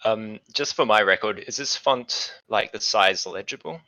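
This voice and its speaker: Low-voiced man as game master. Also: moderate pace, no room sound, low-quality recording. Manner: relaxed, explaining with fillers. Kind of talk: running a tabletop game.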